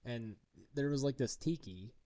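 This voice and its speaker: A man in his thirties telling a story on a casual podcast, acting out the voices of the people in it. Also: normal speed. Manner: animated storyteller, acts out his daughter in a high voice. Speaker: podcast co-host. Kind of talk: casual chat.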